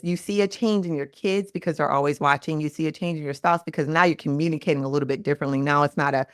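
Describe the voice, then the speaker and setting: Low-pitched woman coach chatting, earnest, dry close sound. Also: fast, few pauses, no room sound. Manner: earnest, animated, acts out quotes. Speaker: guest, mindset coach. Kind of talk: casual podcast conversation.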